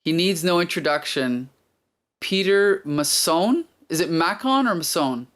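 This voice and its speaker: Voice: medium pitch, lively intonation, normal speed, fairly bright tone. A podcast host talking casually and with enthusiasm about a TV episode, often laughing.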